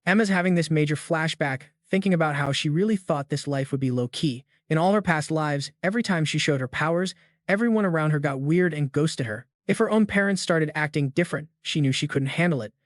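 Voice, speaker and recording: A man narrates a story recap in a chatty, slangy voice that sits a little high. He talks straight to his listeners, like a friend passing on gossip. The recording is dry and close, with no room sound. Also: fairly quick, no echo. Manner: chatty, slangy, addresses the audience directly.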